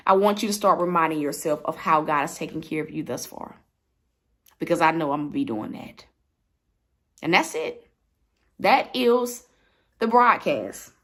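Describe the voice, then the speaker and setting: A woman's voice: lowish voice, a bit bright. A woman preaching to her livestream viewers from home, repeating her points with emphasis. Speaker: online preacher. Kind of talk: livestreamed sermon. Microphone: livestream mic.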